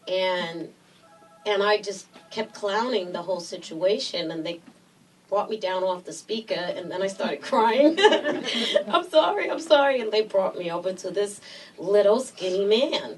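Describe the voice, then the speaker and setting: A middle-aged woman from Brooklyn with a New York Puerto Rican accent, telling a story in an interview, animated and acting out voices. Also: mid-range voice, moderate pace, far from the mic, slight background noise, rough recording. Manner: lively storyteller, acts out voices, laughs often. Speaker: guest actress.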